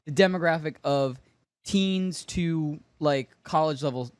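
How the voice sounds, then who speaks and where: A man's voice: fairly high pitch, measured pace, smooth, dry recording. Eager rambling male podcast co-host. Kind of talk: casual chat.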